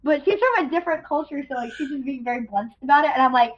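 A woman's voice: high-pitched, fast talker, few pauses. A young woman co-hosting a podcast, telling a rambling story with restarts and frequent laughter. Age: young adult. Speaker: podcast co-host. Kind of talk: casual chat. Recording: dull lo-fi sound.

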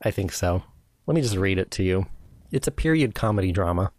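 A man's voice: deep voice, animated, a little fast, darkish tone. A man co-hosting a podcast in casual chat, hesitant with many fillers and a wry, teasing manner. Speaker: podcast co-host.

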